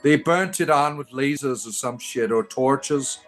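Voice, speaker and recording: A Detroit, Michigan man hosts a casual livestream, reading viewer comments aloud and rambling through his answers with many fillers, hesitations, and restarts. His mid-range voice is unhurried with few pauses, and faint music plays behind him.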